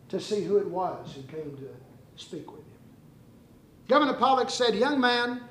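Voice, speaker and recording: A male preacher delivering a dramatic sermon, moving between urgent warnings and hushed storytelling. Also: high voice. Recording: roomy echoing hall.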